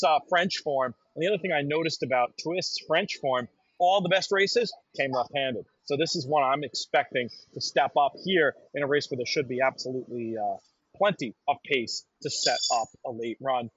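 A man's voice: medium pitch, moderate pace, fairly bright tone, slightly rough, dry recording. A man co-hosting a horse racing talk, bantering and breaking down picks. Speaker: racing podcast co-host. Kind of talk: casual analysis chat. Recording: dry, dull lo-fi sound.

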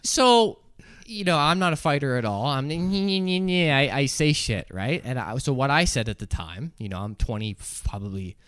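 A man in his twenties telling a story on a podcast, animated, acting out other people's voices and laughing as he goes. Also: medium pitch, moderate pace, hardly any pauses, clear, resonant tone, no echo, clean studio sound. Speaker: podcast co-host. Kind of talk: casual storytelling.

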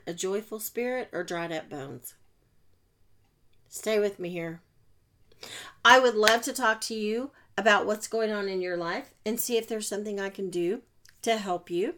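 A woman hosting a motivational podcast, chatty and self-mocking, with sudden loud bursts. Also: medium pitch. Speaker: podcast host and coach.

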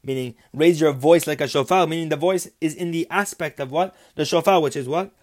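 A man's voice: fairly high pitch, brisk, darkish tone. A man teaching a Torah lesson, reading Hebrew phrases and explaining them in English with repeated, rhythmic emphasis. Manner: explains Hebrew terms then translates them. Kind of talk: religious text lesson.

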